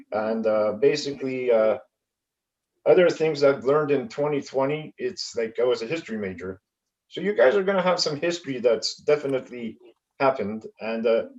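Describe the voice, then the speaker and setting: A man from Canada doing a stand-up comedy set over a video call, with a halting delivery full of fillers. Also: mid-range voice, a little mellow, muffled recording.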